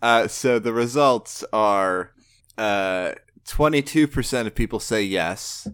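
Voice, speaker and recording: A man co-hosting a casual podcast, talking in a relaxed, self-deprecating way with hesitant fillers. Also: on the low side, slow, smooth, no room sound, studio quality. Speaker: podcast co-host.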